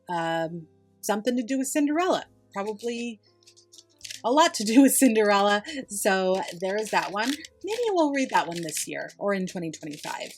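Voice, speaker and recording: A young woman hosting a casual yarn unboxing review, gushing with enthusiasm and exclaiming over every item. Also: mid-range voice. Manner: gushing, enthusiastic, repeats "oh my gosh". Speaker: yarn channel host.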